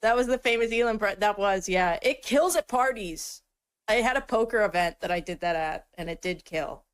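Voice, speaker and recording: A woman's voice: mid-range voice, brisk, clear, resonant tone. A woman chatting casually in a joking, self-mocking way. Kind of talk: casual chat.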